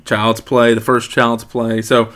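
A man's voice: mid-range voice, monotone, slow, fairly bright tone. A man in his late thirties hosting a casual podcast chat, joking and rambling with frequent ums. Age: 30s. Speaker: podcast host.

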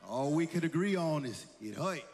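A man in his sixties preaching a sermon, telling stories and building to shouted exhortation in a church. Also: on the high side, lively intonation, moderate pace, long reverb tail, slight background noise. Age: 60s. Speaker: pastor.

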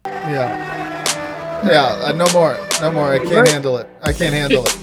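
A man's voice: on the high side, normal speed, over loud music. A man co-hosting a comedy podcast, talking in casual crude banter and riffing on bits. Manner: crude, riffing, bursts into loud shouted bits.

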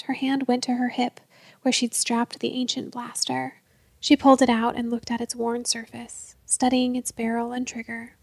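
A woman reading a story aloud as narrator, in a steady, measured way. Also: on the high side, creaky, no echo. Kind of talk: scripted narration.

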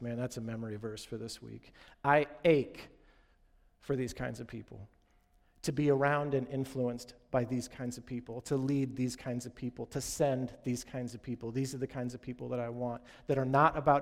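A man's voice: mid-range voice, steady tone, moderate pace, big-room sound. A man preaching a sermon in an earnest, direct way, talking straight to his congregation. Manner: earnest, direct, addresses congregation as "you guys". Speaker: pastor.

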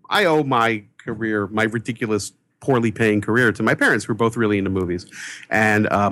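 A movie critic from New York telling an animated personal story, excitable and acting out the voices of the people in it. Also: male voice. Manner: excitable, acts out quoted voices with big pitch jumps. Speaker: movie critic, podcast guest.

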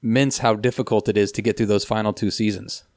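A man's voice: fairly low pitch, steady tone, a little fast, a little mellow, dry recording, clean studio sound. A man co-hosting a podcast in casual chat, with wry, joking remarks. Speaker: podcast co-host. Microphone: headset mic.

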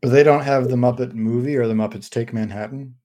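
A man co-hosting a loose podcast chat, playful and chatty with some restarts. His voice sits at an ordinary middle pitch. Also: fairly even intonation, quick pace, warm tone. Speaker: podcast co-host, game designer.

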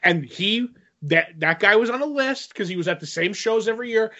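A man co-hosts a podcast and tells stories in an animated, chatty way, acting out his own lines. His voice sits a bit high. The sound is muffled and lo-fi. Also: fairly quick. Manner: animated storyteller, quotes himself. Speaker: podcast co-host. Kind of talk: casual chat, telling an anecdote. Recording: dull lo-fi sound.

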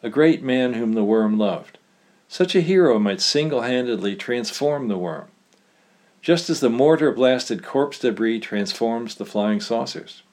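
Male reader doing a soft-voiced, calculating woman, gentle and persuasive. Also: medium pitch, animated, unhurried, natural voice. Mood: coaxing. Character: calculating woman artist, soft-spoken and scheming.

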